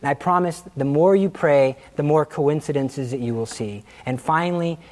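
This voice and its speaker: A man teaching a class through personal stories, his voice sitting a bit high for a man. He tells his stories with animation, breaks into laughter at his own jokes and acts out the people he quotes. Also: normal speed, a little mellow. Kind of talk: anecdotal classroom talk.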